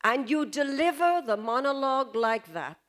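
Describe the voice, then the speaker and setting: A woman voicing a male theatre director who calmly and patiently coaches an actor. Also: high voice, normal speed. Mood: calm coaching.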